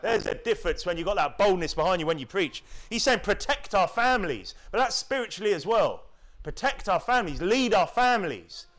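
A man's voice: high voice, sing-song, a little fast, fairly bright tone. A man from the United Kingdom preaching a sermon, peppering his points with tag questions and mocking whiny voices. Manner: rhetorical, keeps asking tag questions; mimics whining voices to mock them.

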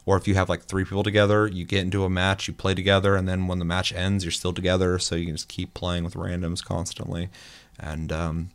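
A man chatting casually about a multiplayer game, telling animated stories and swearing a lot. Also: low-pitched, fairly quick. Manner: animated storytelling, heavy swearing. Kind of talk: casual gaming chat.

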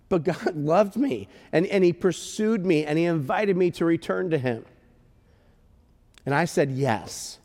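Guy pastor preaching, kinda high voice, big echoey church sound. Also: animated, measured pace, pauses often. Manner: storytelling, emotional, with shouted bursts. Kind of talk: sermon. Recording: long hall reverb.

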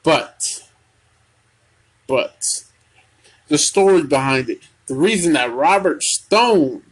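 Young male podcast host, unhurried and hesitant, fairly high husky voice. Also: animated. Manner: slow, halting, many ums and restarts. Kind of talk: casual wrestling recap.

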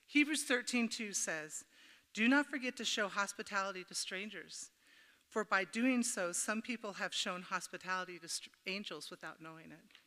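Chatty middle-aged woman, bright voice, echoey hall. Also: medium pitch, expressive, normal speed. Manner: chatty and humorous, addresses the audience directly. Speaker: speaker at a church gathering. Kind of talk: informal devotional talk with personal stories. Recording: reverberant hall.

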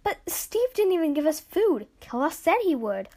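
Woman voicing flustered girl adventurer, storybook, exclaiming, exasperated, high voice. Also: expressive, normal speed. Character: determined, easily flustered young girl adventurer.

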